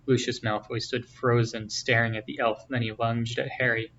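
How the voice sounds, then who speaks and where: A man reading a novel aloud in a steady, plain storytelling voice. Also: mid-range voice, normal speed. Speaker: reader. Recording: distant, dull, faint hiss.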